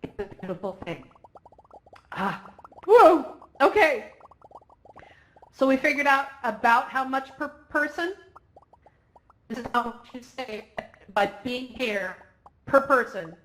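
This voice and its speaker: A woman speaking as organizer at a conference closing ceremony, excited and emotional, laughing often. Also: on the high side, unhurried, long pauses. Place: virtual reality event.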